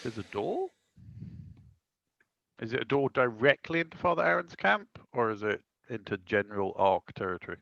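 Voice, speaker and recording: A playful man with a bright, gravelly voice plays a tabletop game, joking about his plans. His pitch swings widely as he talks. The sound is dry and dull, like a lo-fi mic. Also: very animated, moderate pace, dry recording. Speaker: player.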